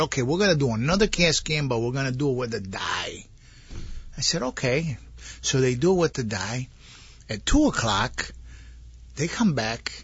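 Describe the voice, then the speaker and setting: A man casually retelling a story, rambling and animated, acting out the dialogue he heard. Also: fairly high pitch, slightly rough, no room sound. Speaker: guest telling his story. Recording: dull lo-fi audio.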